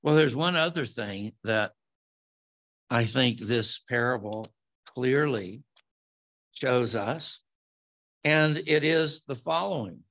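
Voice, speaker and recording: A man preaching a sermon as pastor, slow and deliberate with emphatic rises on key words. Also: medium pitch, expressive, fairly bright tone.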